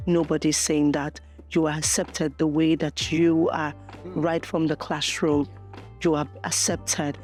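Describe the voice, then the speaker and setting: A woman's voice: deep voice, little pitch movement, a little slow, darkish tone, faint music behind. A Nigerian woman, a student teacher from Nigeria, speaking emphatically in a casual interview and repeating phrases for effect.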